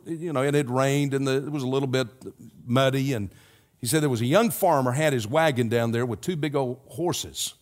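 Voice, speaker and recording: A man preaching a sermon, telling a story and slowing down, dropping to a hush for the key lines. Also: mid-range voice. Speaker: pastor.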